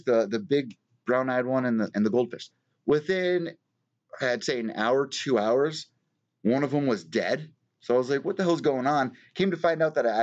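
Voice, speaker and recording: A man's voice: mid-range voice, highs cut off. A man hosting a live show, telling a rambling story in casual, profane chat. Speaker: host of a live news show.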